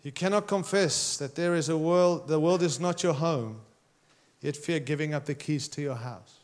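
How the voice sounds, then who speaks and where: Impassioned preacher, a man with a fairly high voice. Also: normal speed. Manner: impassioned, emphatic preaching with direct challenges to listeners. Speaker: pastor. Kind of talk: sermon.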